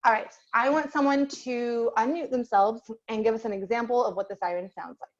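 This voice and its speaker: A woman's voice: on the high side, fairly even intonation, brisk, dull audio. A woman voice teacher leading an online group lesson over a video call, patiently asking the class questions and waiting for answers.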